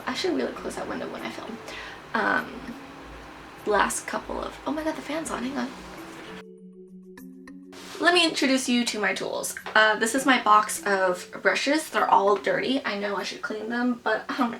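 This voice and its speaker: A young woman casually talking through her everyday makeup routine, chatty and rambling, full of self-mocking asides. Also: a little high. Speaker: beauty vlogger. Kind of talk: casual makeup tutorial chat.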